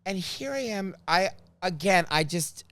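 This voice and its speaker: Animated man telling a comic story. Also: high-pitched, unhurried, no room sound. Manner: animated, acts out quoted voices, swears. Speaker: host. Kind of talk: comedic storytelling chat.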